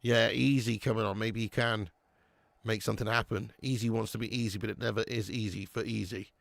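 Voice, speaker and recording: A gravelly-voiced man talking casually over a live football match, loose and chatty with the odd swear word. His voice is dry and close to the mic. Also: lowish voice, steady tone, a little fast, dry recording. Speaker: host. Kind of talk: live football watch-along commentary.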